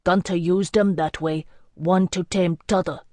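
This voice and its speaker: A woman narrator playing a gruff male warrior from a storybook fantasy. He talks bluntly in clipped rustic phrases, low and plain. The read is dry, close and intimate. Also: fairly even intonation, measured pace, a little mellow, no room sound, natural voice. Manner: gruff and blunt, dialect speech.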